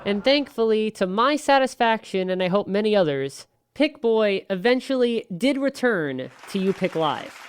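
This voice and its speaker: A man's voice: high-pitched, expressive, moderate pace, clear, resonant tone, no echo, studio quality. Man hosting an interview. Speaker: host. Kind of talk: interview questions.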